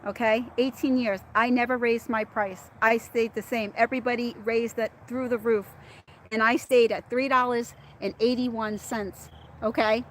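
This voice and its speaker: Hosting a casual livestream, this middle-aged woman reads her viewers' chat aloud, addresses them directly, and answers commenters by name, laughing frequently. Her slightly high voice moves at a moderate pace over a soft background hum.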